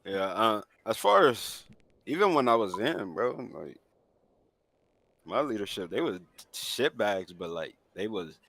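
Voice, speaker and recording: A man with a fairly low voice chats casually with a friend. He is laid-back and slangy, and his talk is full of fillers. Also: sing-song, measured pace, a bit bright, no echo. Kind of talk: casual chat.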